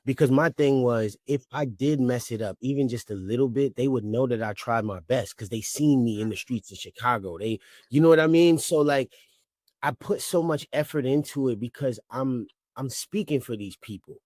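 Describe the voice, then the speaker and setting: A man's voice: medium pitch, normal speed, darkish tone, no room sound, clean studio sound. A man in his thirties with a New Orleans accent, chatting casually as an interview guest, often adding "you know what I mean.". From New Orleans, Louisiana. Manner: laid-back storytelling, frequent "you know what I mean".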